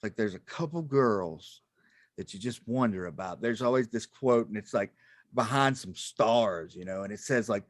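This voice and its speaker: A man's voice: fairly low pitch, animated, moderate pace, no room sound, clean studio sound. A man doing a rambling, self-mocking stand-up comedy set over a video call, laughing at his own jokes.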